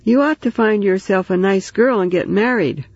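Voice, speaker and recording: A man's voice: sits high, normal speed, slightly rough, dry recording, highs cut off, pitched above the performer's own voice. A man voicing a talkative, motherly woman neighbor who comforts and teases in a storybook reading. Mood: chatty.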